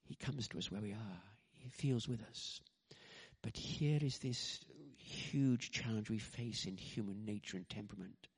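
A man preaching a sermon as pastor, animated, acting out quoted lines, with frequent restarts and asides. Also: lowish voice, unhurried, husky.

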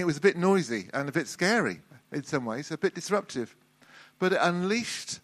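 Conversational preacher, a man with a higher pitch. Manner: conversational, frequent restarts and repeated words. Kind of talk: sermon.

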